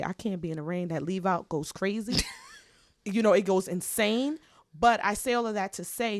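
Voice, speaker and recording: A woman co-hosting a podcast in heartfelt, casual chat, talking expressively and getting loud when she preaches. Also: medium pitch, no echo, studio quality. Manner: expressive, preachy, animated swings in loudness. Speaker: podcast co-host.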